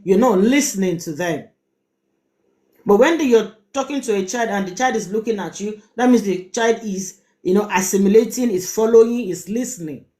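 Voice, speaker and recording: A middle-aged Nigerian-accented woman talks straight to her live audience as their advice host. She presses her points hard, repeats words and throws out rhetorical questions. Her voice sits at an ordinary pitch for a woman. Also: a little mellow. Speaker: host giving relationship advice. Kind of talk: live-stream advice talk.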